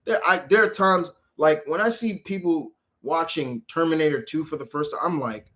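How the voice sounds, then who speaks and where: A man chatting casually as a channel host, rambling with frequent restarts and animated quoted asides. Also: fairly high pitch, normal speed. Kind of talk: casual chat.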